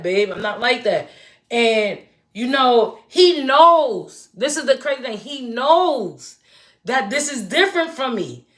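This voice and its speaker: A woman's voice: fairly high pitch, a bit bright. A woman in her forties, hosting a casual livestream chat, talking straight to her viewers in a chatty, emphatic way. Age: 40s. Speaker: livestream host.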